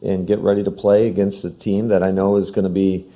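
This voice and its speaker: A football coach with a very low, dark voice answers questions at a press conference in a steady, guarded way. He speaks plainly, with little show. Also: fairly quick.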